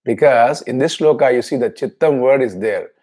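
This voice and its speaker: A man teaching a scripture class, explaining each word slowly and chanting verses twice. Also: mid-range voice, mellow.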